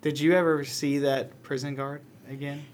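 A man's voice: fairly high pitch, little pitch movement, moderate pace, a little hiss or hum. A man who interviews a guest, attentive and asking short follow-up questions.

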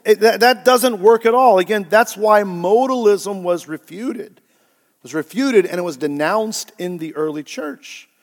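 Male pastor preaching, pretty high voice, keeps asking the church questions, big hall echo. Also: a little slow. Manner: emphatic, asks the congregation rhetorical questions. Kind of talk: sermon.

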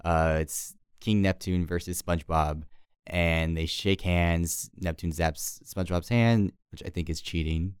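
Deep-voiced man recapping an episode. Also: steady tone, measured pace, clear, resonant tone, dry recording, clean studio sound. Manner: rambling, filler-heavy storytelling. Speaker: podcast co-host.

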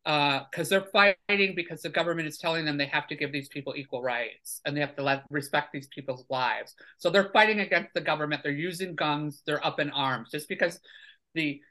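Casting: male podcast guest, bright tense voice, emphatic and lecturing. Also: fairly high pitch, a little fast. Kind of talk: casual podcast chat.

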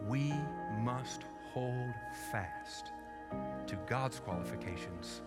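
A pastor delivering a sermon, telling a story earnestly and building to loud, emphatic peaks before dropping to quiet conclusions. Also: male voice, mid-range voice, takes it slowly, in a large hall, over loud music.

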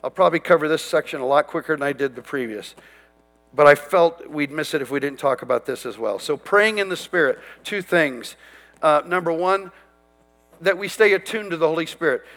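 A man's voice: a little high, brisk, a bit bright, long reverb tail, soft background music. A man preaching a sermon, quoting and declaring scripture with emphatic conviction. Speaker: pastor.

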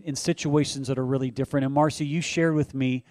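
A man pastor preaching in a relaxed, conversational way, with frequent fillers. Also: medium pitch, quick pace, no echo. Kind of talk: sermon co-hosting.

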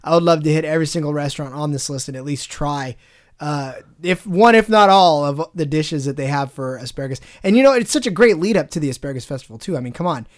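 A man's voice: fairly high pitch, animated, quick pace. A man co-hosting a podcast, talking with folksy enthusiasm and lots of fillers. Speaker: podcast co-host. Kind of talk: casual chat.

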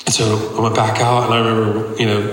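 A man with a fairly low voice talks fast with a flat delivery, preaching his personal testimony to a congregation. His sermon is conversational and earnest, packed with casual fillers. The recording is in an echoey hall with long reverb.

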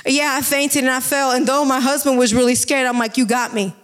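A woman giving an informal sermon with a personal testimony, talking in an excitable, emphatic, chatty way. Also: high voice, a little fast, clean tone. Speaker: devotional speaker.

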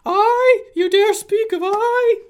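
A man voicing a ghostly, booming, planet-eating robot god while reading a script aloud. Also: takes it slowly. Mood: menacing.

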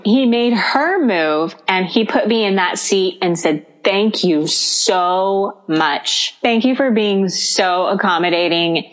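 A woman's voice: mid-range voice, slow, few pauses. A woman co-hosting a podcast, telling a story in casual chat, acting out the people in it and laughing often. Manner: animated storyteller, acts out quoted dialogue, laughs often. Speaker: podcast co-host.

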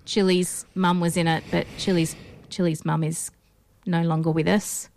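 A woman's voice: on the low side, level tone, moderate pace, vocal fry, darkish tone, slight background noise. An Australian woman hosting a casual film podcast, chatty and rambling with lots of ums and restarts. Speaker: podcast host.

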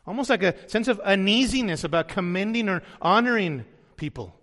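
A man's voice: high voice, animated, a little fast, a bit bright, big-room sound. A man preaching a sermon as pastor, earnest, sometimes voicing the people he quotes.

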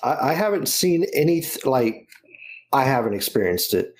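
A man co-hosting a podcast who talks in a relaxed, somewhat hesitant and agreeable way. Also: mid-range voice, normal speed. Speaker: podcast co-host. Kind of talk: casual chat.

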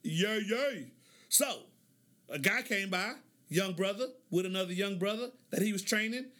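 A man's voice: high-pitched, normal speed, sharp tone. A middle-aged man hosting a casual monologue, telling stories in a laid-back way, laughing often and acting out the lines of the people in them. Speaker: podcast host.

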